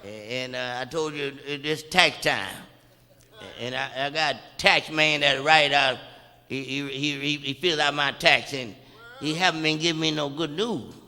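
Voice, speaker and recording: Pastor guy preaching, a bit high voiced, stammers and repeats then shouts, long echo of a church. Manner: repeats words in halting restarts, builds from quiet to shouting. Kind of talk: preaching a sermon. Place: church sanctuary. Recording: long reverb of a church hall.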